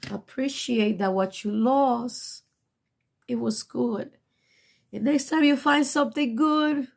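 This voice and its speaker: A woman's voice: on the high side, creaky, darkish tone, slightly rough. A middle-aged woman giving a casual tarot reading, blunt and profane, emotional and choking up at times, with non-native English phrasing. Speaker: tarot reader.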